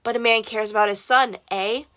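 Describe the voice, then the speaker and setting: A woman's voice: a little high, steady tone, a little fast, fairly bright tone, close to an everyday voice. A woman voicing a cruel, arrogant king who speaks with cold menace in an audiobook reading.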